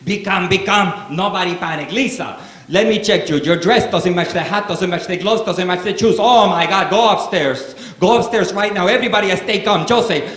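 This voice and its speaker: A man's voice: normal speed, a bit bright, echoey room. A man playing a fussy, panicky middle-aged Cuban father who barks orders at his kids. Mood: frantic. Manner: panicky, bossy, high-strung.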